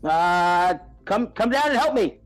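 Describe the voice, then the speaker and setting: High-pitched guy at a tabletop game, slow and easy, calling his rolls. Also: animated, faint music behind. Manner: unhurried, calls out dice rolls. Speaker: player. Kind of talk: casual tabletop play.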